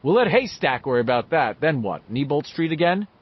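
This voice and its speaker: A man's voice: a little high, big pitch swings, husky, muffled recording, voice pushed up. A man doing a cocky, wisecracking boy. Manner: quick, jokey, teasing.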